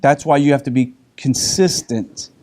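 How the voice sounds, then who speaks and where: A middle-aged man teaching in a casual group discussion, telling lively stories with frequent restarts. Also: medium pitch, moderate pace. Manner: animated storyteller with frequent restarts.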